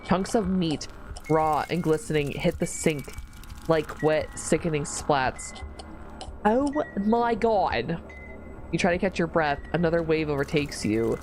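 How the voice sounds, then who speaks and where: A woman streamer reading a horror visual novel aloud, slow narration broken by squealing, disgusted reactions. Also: low-pitched, darkish tone, rough recording. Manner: reads narration slowly, then breaks into squealing disgusted reactions and laughs. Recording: faint music behind the voice.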